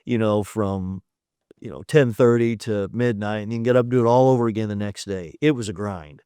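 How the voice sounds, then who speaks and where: Man, fifties, podcast guest, candid storyteller, deep-ish voice, quotes people as he goes. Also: a little mellow, clear, resonant tone, dry recording, clean studio sound. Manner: retells events by acting out quoted dialogue; candid and matter-of-fact, with some fillers. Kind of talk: storytelling in a conversational interview.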